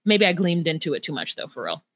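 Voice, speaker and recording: A woman's voice: low-pitched, big pitch swings, fast, dry recording. Frank, heated woman podcast co-host. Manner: frank, heated, swears freely. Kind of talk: casual reality-TV recap chat.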